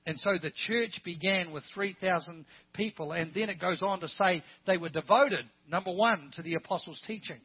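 An older male pastor preaches with a high-set, husky voice, driving his points home with rhetorical questions and the odd joke. The recording is dull and lo-fi, as if captured from a church service. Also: normal speed, few pauses. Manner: emphatic, with rhetorical questions and joking asides. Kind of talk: sermon.

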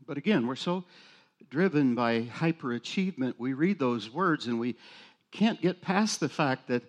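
A man's voice: medium pitch, animated, normal speed. A male pastor preaching a sermon in a conversational, self-deprecating way with jokes.

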